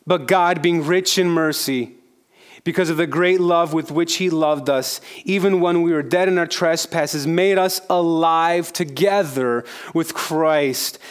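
A man preaching a sermon in a relaxed, conversational style. His voice sits somewhat high for a man, and he circles back on phrases to stress them. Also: unhurried, clear, resonant tone. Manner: conversational, repeats phrases for emphasis. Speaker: pastor.

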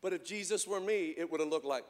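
High-voiced preacher man, fervent sermon, big reverb in the church. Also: fast. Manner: fervent storytelling preaching, rising to shouts.

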